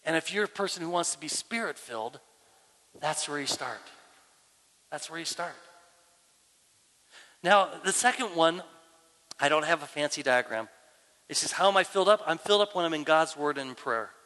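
A male pastor with a bright, forceful, fairly high voice delivers an animated sermon. He repeats phrases for emphasis and sometimes sinks into a hushed, prayerful tone. His voice carries a long reverb from a large church hall. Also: normal speed, pauses often. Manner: emphatic, animated preaching with frequent repetitions; drops to a hushed, near-whispered prayer voice at times.

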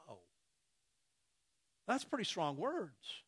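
Animated high-voiced male preacher. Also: slow pace. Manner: animated, acts out imagined dialogues. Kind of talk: sermon.

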